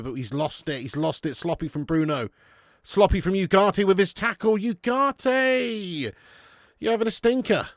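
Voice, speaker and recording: A man hosting a live football watch-along, calling the play excitably and chatting between moves. His voice is fairly high, gravelly and bright, and it sounds dry and close to the mic. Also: no echo. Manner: excitable, chatty, swears at players. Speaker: host.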